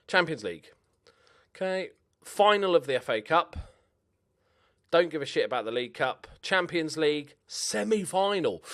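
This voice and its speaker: A man's voice: on the high side, lively intonation, moderate pace. A young man with a Scouse accent giving chatty, cheeky commentary over a football management game, swearing now and then. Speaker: gaming YouTuber. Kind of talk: casual video game commentary.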